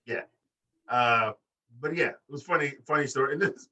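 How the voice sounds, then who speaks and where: A man co-hosting a wrestling podcast in casual chat, profane and animated, acting out quotes in high voices. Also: normal speed, distant mic. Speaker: podcast co-host.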